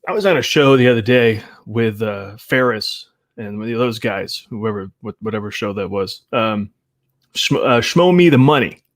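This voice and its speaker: A man who is a guest on a casual interview show over a video call, joking and animated, jumping into quick asides. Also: on the low side, no echo, studio quality.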